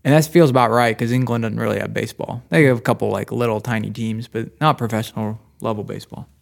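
A man's voice: mid-range voice, fast talker, vocal fry. Man joking in casual chat. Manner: teasing, deadpan jokes, mock French voices. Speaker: podcast co-host.

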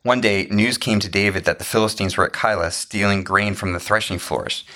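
Give me a man with a lowish, bright voice reading scripture steadily. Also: fairly even intonation, brisk. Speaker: scripture reader.

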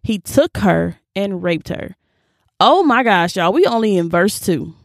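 A young woman hosting a casual Bible reading, expressive and slangy, reacting aloud as she reads. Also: medium pitch, measured pace, vocal fry, dry recording, studio quality. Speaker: video host.

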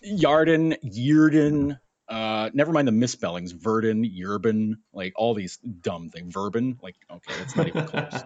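A young man co-hosting a sports podcast, telling a story in a casual, animated way and acting out the voices in it. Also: on the low side, normal speed, few pauses, no echo. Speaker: podcast co-host. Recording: dull lo-fi sound, dry.

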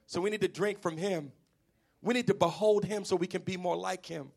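A man preaching a sermon, animated and emphatic, calling on the congregation to answer back and sometimes half-singing his lines. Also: high-pitched, a little fast, gravelly. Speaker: pastor.

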